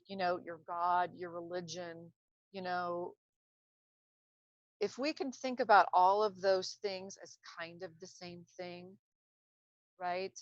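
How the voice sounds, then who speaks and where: A woman's voice: on the low side, steady tone, slow, long pauses, dry recording. A woman speaking unscripted about healing, rambling and searching for words as she goes. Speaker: speaker on trauma recovery. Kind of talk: casual unscripted talk to camera. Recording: dull lo-fi self-recording.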